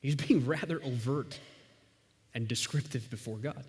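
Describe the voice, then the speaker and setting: A man's voice: mid-range voice, moderate pace, a little mellow. A male pastor delivering a sermon in a conversational, storytelling manner, in a church sanctuary. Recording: long reverb of a large hall.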